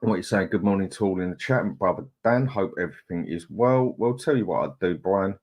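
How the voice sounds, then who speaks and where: A man's voice: low-pitched, a little fast, darkish tone. A middle-aged man, hosting a casual live chat, greeting viewers in a chatty, laid-back way. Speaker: livestream host.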